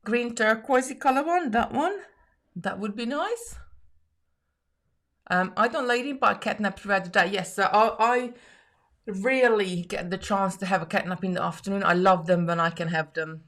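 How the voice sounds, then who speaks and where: A woman's voice: medium pitch, moderate pace, a bit bright. A woman hosting a live jewellery-making stream, chatting casually, reading viewer comments aloud and laughing often.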